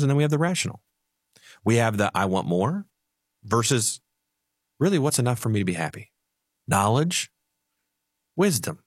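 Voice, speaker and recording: A man who is a financial advisor on a radio show, telling animated stories and laughing easily. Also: mid-range voice, breathy edge, no echo, studio quality. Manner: animated storyteller, acts out little voices, laughs easily.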